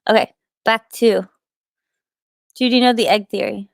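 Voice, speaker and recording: A slightly high-voiced woman with vocal fry talks a little slowly and fairly evenly while reading chat on her livestream. She's in a small attic of an old house, meandering casually, teasing herself, and using upspeak. The sound is clean studio audio with no room presence.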